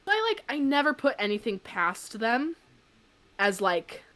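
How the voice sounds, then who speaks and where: A young adult woman co-hosting a podcast, telling a story in a chatty, animated way full of "like". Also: a little high, a little slow. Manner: chatty, peppered with "like", animated retelling. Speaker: podcast co-host. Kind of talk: casual anecdote on a podcast.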